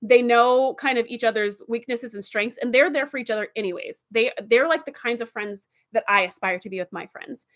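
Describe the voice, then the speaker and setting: A woman's voice: a little high, a little fast, hardly any pauses. A woman hosting a casual review video who retells TV episode plots with lots of fillers. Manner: animated plot retelling with many fillers. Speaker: video host.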